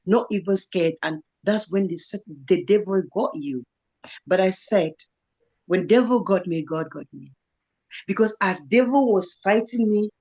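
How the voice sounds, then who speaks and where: A woman's voice: lowish voice, a little mellow, muffled recording. A woman speaking as a guest in an online live talk, earnest and motivational, repeating phrases for emphasis. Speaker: guest speaker, kidney patient.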